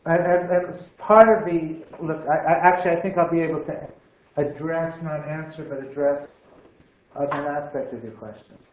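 Male lecturer, halting and repetitive, dull and roomy recording. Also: fairly high pitch, slight background noise. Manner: halting, repeats words, thinks aloud. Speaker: physics lecturer. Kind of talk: university lecture. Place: lecture room. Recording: echoey room, slightly dull sound.

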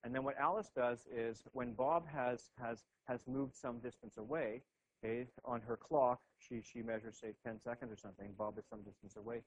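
A man's voice: medium pitch, steady tone, moderate pace, a little hiss or hum, poor audio. A man giving a classroom physics lecture at a board, thinking aloud with frequent restarts and "okay"s.

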